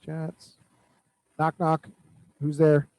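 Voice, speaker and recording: A man's voice: on the high side, drawn-out words, dry recording, rough recording. A man coaching a real estate team at a weekly accountability meeting, giving direct, repeated instructions. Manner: direct, repetitive instructions with animated storytelling.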